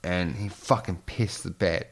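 Man, very low voice, gravelly, casual swearing storyteller. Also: a little slow.

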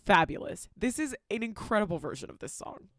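A woman's voice: mid-range voice, brisk, no echo. Podcast co-host, female, brash and theatrical, dry close mic. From Latin American heritage. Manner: animated, profane, theatrical retelling. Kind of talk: casual movie recap chat.

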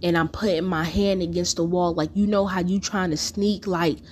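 A woman's voice: on the low side, steady tone, normal speed, a little hiss or hum. A woman telling a personal story in a casual, profane monologue full of fillers.

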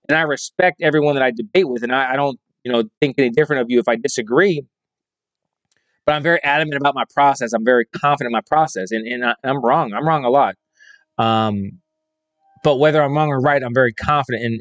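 A man's voice: medium pitch, no echo. A man hosting a solo fantasy football show, speaking with emphatic, repetitive conviction. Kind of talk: opinionated solo commentary.

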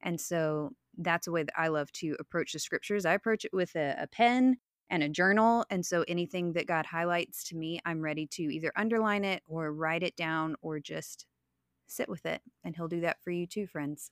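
Earnest low-voiced woman podcaster. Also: moderate pace, no room sound, clean studio sound. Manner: earnest, reflective, personal. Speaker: podcast co-host. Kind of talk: faith podcast conversation.

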